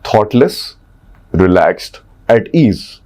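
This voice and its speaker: A man's voice: lowish voice, big pitch swings, drawn-out words, dark tone. A man with an Indian English accent, coaching on speaking and voice in a podcast conversation, checking in often with "right?". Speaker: communication coach.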